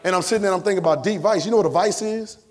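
High-voiced fervent male preacher. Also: racing. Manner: fervent, swings between shouting and hushed asides; repetitive, colloquial, talks to the congregation. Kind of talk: sermon.

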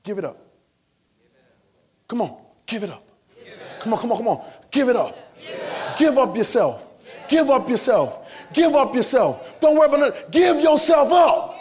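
A man preaching a sermon to a congregation, fervent and colloquial, repeating phrases and swinging between shouts and hushed asides. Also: very high voice, very animated, normal speed, pauses often. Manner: repetitive, colloquial, talks to the congregation.

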